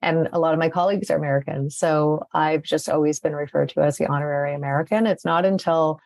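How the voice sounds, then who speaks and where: A woman's voice: sits low, fairly even intonation, fast talker, creaky, a little mellow. A Canadian woman talking confidently and chattily as a podcast interview guest. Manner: chatty, confident, tags statements with "right?". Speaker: podcast guest, agency CEO.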